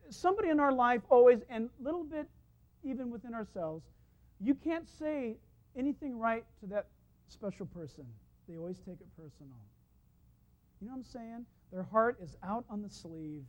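A man preaching a sermon as the church's pastor, telling stories in a lively way and laughing at his own anecdotes, recorded in a church. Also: extremely high pitch, normal speed. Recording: dull lo-fi sound.

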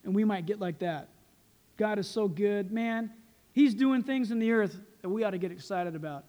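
A man preaching a sermon as pastor, animated and joking, laughing at his own quips. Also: sits high, normal speed.

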